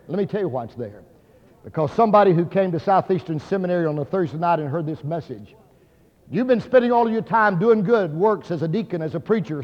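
A man preaching a sermon, telling a story in an earnest, dramatic way. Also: high voice. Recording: dull sound, hall reverb.

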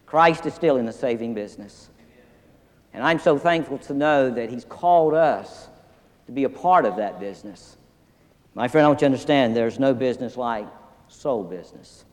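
A man's voice: medium pitch, animated, normal speed. A man preaching a sermon in a folksy, earnest way, telling stories and reading scripture aloud in a seminary chapel. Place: seminary chapel, large hall. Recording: long hall reverb.

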